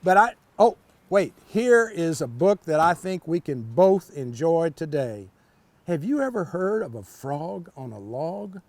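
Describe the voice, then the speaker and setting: An older man reading a picture book aloud to children, stopping often for folksy, chatty asides. His voice sits high and moves up and down a lot. The sound is close and dry. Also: big pitch swings, measured pace, darkish tone, dry recording. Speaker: children's storytime reader.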